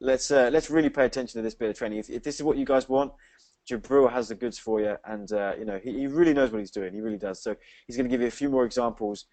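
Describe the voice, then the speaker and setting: A man's voice: mid-range voice, fast talker, darkish tone, no room sound. An English man co-hosting a live webinar, upbeat and reading out names from the chat. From England. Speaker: webinar co-host.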